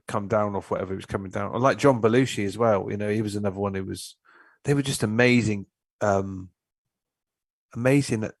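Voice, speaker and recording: A man as a podcast guest, rambling through animated stories about old comedy films. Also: on the low side, dry recording. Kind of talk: casual chat.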